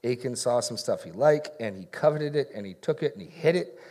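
A man's voice: mid-range voice, expressive, a little fast, a little mellow. A middle-aged man, a pastor, preaching in a conversational way and acting out bits of dialogue. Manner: conversational, self-deprecating, acts out dialogue. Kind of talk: sermon with audience Q&A.

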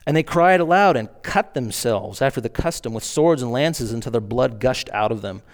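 A man's voice: medium pitch, lively intonation, moderate pace. A man preaching a sermon, reading scripture aloud and explaining it in asides, acting out mocking lines with rising emphasis.

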